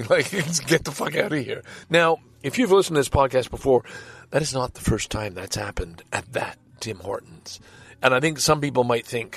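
Exasperated older man, very animated. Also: on the high side, normal speed, husky, no room sound, faint music behind. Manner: exasperated, profane, stammering. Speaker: podcast host. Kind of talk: rambling personal anecdote. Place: parked car.

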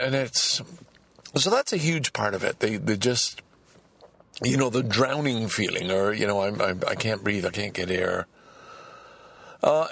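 Gravelly man talking in halting restarts. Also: medium pitch, no echo. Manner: halting, repeats words and restarts. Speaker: podcaster. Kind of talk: personal audio diary.

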